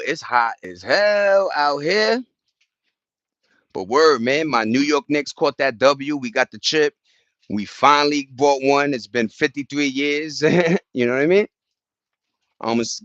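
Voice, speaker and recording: A man's voice: medium pitch, moderate pace, a bit bright, dry recording. Slangy rambling man on a lo-fi mic. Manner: slangy, rambling, loose street talk. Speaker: vlogger. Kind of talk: casual chat to camera. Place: at home with plants and a cat.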